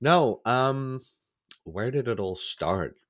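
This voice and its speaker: A man's voice: mid-range voice, expressive, takes it slowly, a bit bright. A man telling stories as a podcast guest in casual chat, rambling and correcting himself as he goes, still getting over a cold. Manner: rambling, self-correcting, acts out quoted voices. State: recovering from a cold.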